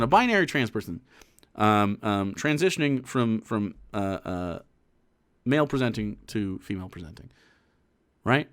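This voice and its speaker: A man's voice: on the low side, animated, normal speed, long pauses, clean tone. A man streaming political commentary, talking casually with rambling restarts, fillers and swearing. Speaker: streamer reacting to a clip.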